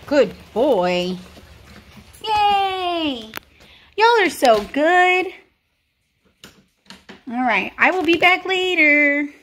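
A woman's voice: high-pitched, very animated, extremely slow, long pauses, fairly bright tone, a little hiss or hum. A woman, filming a casual vlog as a pet sitter and talking to dogs in sing-song baby talk.

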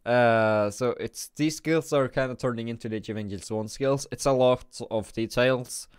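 Sleepy male game commentator, mid-pitch, dry close sound, rambling and self-correcting. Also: normal speed, clean tone, no room sound. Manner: rambling, thinking aloud with frequent restarts. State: drowsy, just woke up and yawning. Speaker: gaming video creator.

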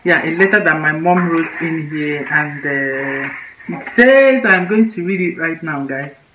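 Low-voiced Nigerian woman vlogging. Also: unhurried. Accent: Nigerian English. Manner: heartfelt, addresses viewers directly. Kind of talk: casual vlog chat. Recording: echoey room with loud background noise.

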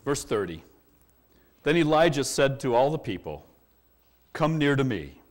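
A man's voice: mid-range voice, unhurried. A man preaching a sermon, explaining a Bible passage verse by verse and acting out its quotes with energy. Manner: expository preaching, animated when quoting scripture. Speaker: pastor.

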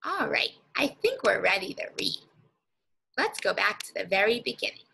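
A woman teacher leading a guided reading lesson for young children, speaking slowly and encouragingly and stretching out words. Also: mid-range voice, very animated, vocal fry, sharp tone, breathy edge, poor audio.

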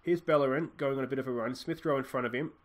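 Speaking fast into a desk mic, a young Aussie let's play host chats his way through a football management game. He muses aloud about tactics and substitutions in a mid-range voice, breaking into thrilled shouts every time a goal lands.

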